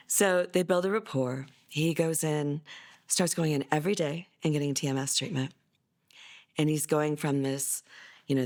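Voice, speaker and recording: Speaking casually, with restarts and filler words, a middle-aged mother shares her son's story for a documentary. She brightens and raises her pitch when relaying others' words.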